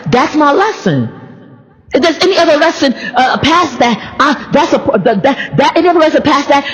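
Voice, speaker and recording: A woman preaching an informal sermon in a lively, conversational way, often repeating words in long chanting runs. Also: sits high. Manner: animated, conversational preaching with asides. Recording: long hall reverb.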